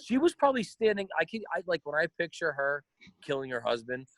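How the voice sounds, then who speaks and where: A man's voice: a little high, very animated, fairly quick, a bit bright, no echo. A man co-hosting a casual podcast chat, telling rambling, profane stories. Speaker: podcast co-host.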